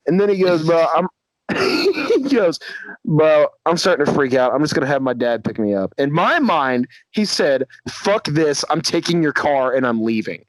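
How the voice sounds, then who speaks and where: Animated young man telling crude stories. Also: on the high side, moderate pace, no room sound. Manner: crude, laughing storyteller acting out friends' lines. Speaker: podcast co-host. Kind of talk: casual storytelling.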